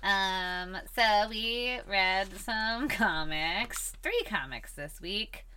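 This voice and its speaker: A woman's voice: medium pitch, expressive, extremely slow, bright, forceful tone, slight background noise. A woman co-hosting a podcast in casual chat, teasing and laughing often, recorded in a comic book store. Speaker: podcast co-host.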